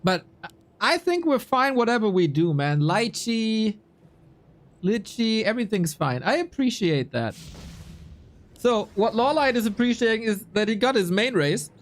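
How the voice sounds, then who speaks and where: A young man calling a strategy game live, his pitch jumping around animatedly as he shifts between play-by-play and friendly chat with his viewers. He talks casually and reacts on the fly, greeting people in chat mid-sentence. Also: normal speed. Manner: lively, chatty, reacts to viewers mid-commentary. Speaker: esports caster and streamer.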